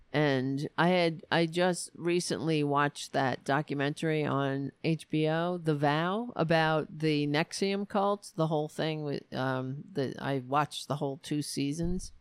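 A woman's voice: deep voice, clean tone, dry recording. A woman hosting a political commentary show, ranting in a sarcastic, profane, exasperated way.

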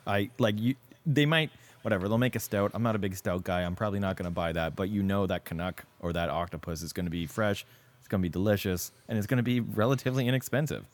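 Low-voiced laid-back brewery guest, a man. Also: fast talker. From Canada. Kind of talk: casual chat.

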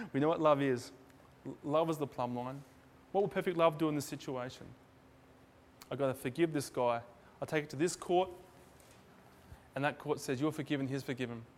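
A man preaching with a slightly high voice, chatty and informal, slipping into quick acted-out voices for the people in his examples. His words ring out with a long reverb, as in a big church hall. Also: slight background noise. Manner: conversational, acts out dialogue with shifting voices. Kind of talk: sermon.

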